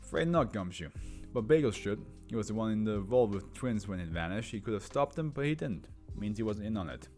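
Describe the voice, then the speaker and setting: A man voicing a bitter male gangster under interrogation, talking in rough, scornful street slang. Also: on the low side, expressive, fairly quick, mellow, soft background music. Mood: gruff.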